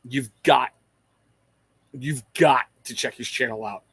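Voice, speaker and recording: A man's voice: mid-range voice, slow, fairly bright tone, husky, no room sound. A middle-aged man hosting a livestream, chatting casually and rambling to viewers, calling out their names and swearing freely. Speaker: livestream host.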